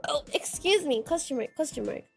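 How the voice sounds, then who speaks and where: A woman's voice: sits high, expressive, brisk, creaky, soft background music. A young woman streamer in casual chat, reading viewer comments aloud with giggles and a habit of repeating "question mark".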